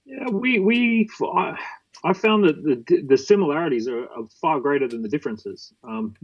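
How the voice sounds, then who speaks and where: A man talking as a podcast guest, telling lively anecdotes and acting out the quotes. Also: fairly high pitch, moderate pace, dull audio. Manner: animated anecdotes with acted-out quotes. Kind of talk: storytelling interview talk.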